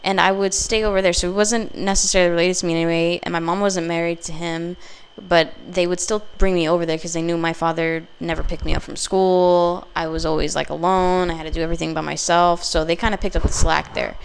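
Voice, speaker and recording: A young woman giving a casual tarot reading, talking freely with swearing, laughter and animated asides. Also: lowish voice, fast, gravelly, smooth. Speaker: tarot reader.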